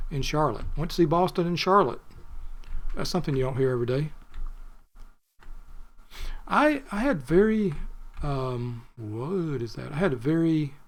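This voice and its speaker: Man rambling over a game. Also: medium pitch. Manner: chatty, thinks aloud, digresses. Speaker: gaming video creator. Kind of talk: rambling let's-play commentary.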